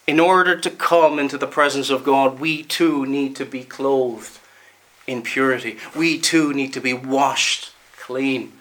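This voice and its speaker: Bright-voiced man preaching. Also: mid-range voice, steady tone. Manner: emphatic, repeats words, slows down for stress. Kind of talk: sermon.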